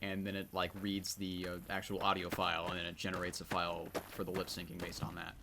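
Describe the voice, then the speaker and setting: Speaking quickly in a deep, totally flat voice over a noisy background, a man streams his own game mod. His commentary is casual and rambling, full of self-mockery, and he laughs at himself as he plays.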